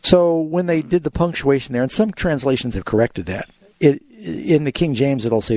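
A man's voice: mid-range voice, normal speed, a little mellow, dry recording. A man hosting a radio Bible call-in show, answering a caller's questions with explanations and illustrative stories.

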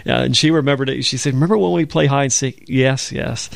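Man, gravelly co-host of a Bible show, patient storyteller, dry studio sound. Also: medium pitch, fast, no echo. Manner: storytelling, explains scripture step by step. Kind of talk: conversational Bible teaching.

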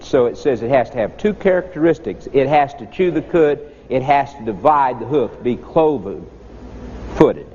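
A man's voice: medium pitch, lively intonation, normal speed, dark tone. A man preaching a sermon in a folksy storytelling manner. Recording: dull lo-fi recording with long reverb and faint noise.

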